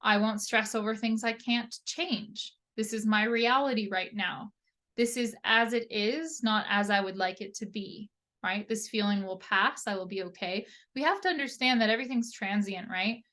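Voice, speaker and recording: A woman occupational therapist teaching in an easygoing, conversational way. Her voice sits at an ordinary middle pitch, and she often checks in with a quick tag question. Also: a bit bright. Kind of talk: presenting a lesson.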